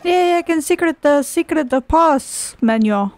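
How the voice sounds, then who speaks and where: A woman's voice: high-pitched, lively intonation, measured pace, a little mellow, faint music behind. A young woman giving casual, profane and sarcastic commentary as she plays a game, with frequent exclamations. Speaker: gaming video host. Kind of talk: casual let's-play commentary.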